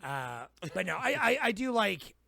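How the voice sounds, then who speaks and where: A man's voice: sits high, very animated, moderate pace, vocal fry, bright, forceful tone. A man co-hosting a podcast, chatting casually about a film in a laid-back way, laughing often and trailing off. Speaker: podcast co-host.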